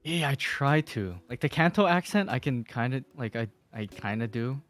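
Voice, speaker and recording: Rambling man in casual podcast chat. He laughs often and fills his talk with ums and restarts, at a middle pitch, with faint music playing underneath. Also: animated, moderate pace. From Philippines. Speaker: podcast guest.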